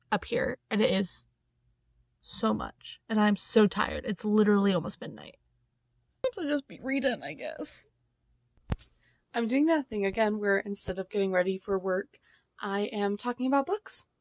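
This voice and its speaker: A young woman chatting casually about a book in a reading vlog, excitable and full of fillers, swinging between hushed asides and loud outbursts. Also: medium pitch, dry recording. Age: young adult. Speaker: book vlogger.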